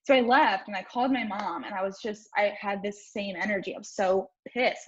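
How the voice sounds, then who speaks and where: A young woman coach speaks frankly to her viewers, swearing now and then as she tells her story. Her voice is husky and breathy, and the stream audio sounds dull and lo-fi. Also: medium pitch, steady tone, fairly quick, hardly any pauses. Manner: frank, swears casually, talks straight to viewers. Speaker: life coach. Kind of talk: candid personal story on a live stream.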